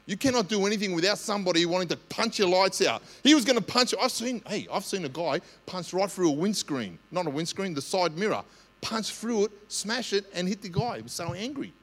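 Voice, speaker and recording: High-voiced Australian pastor preaching. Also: male voice, a little fast. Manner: lively storytelling, conversational with frequent "right?". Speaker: senior pastor. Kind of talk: sermon. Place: church. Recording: long church hall reverb.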